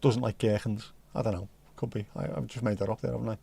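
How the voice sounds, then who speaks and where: A man's voice: fairly low pitch, steady tone, fast talker, vocal fry, warm tone, husky. A middle-aged man with a Liverpool accent, hosting a livestream and chatting casually to his live chat with jokey, rambling asides. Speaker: livestream host.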